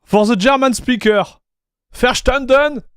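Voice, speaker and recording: A laid-back Frenchman with a French accent, talking to his stream chat in a high, light voice. He is relaxed and easygoing, calls everyone "dude" and reads messages aloud. The sound is dry and close, with no room echo. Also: moderate pace. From France. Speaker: tech streamer. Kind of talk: casual live-stream chat.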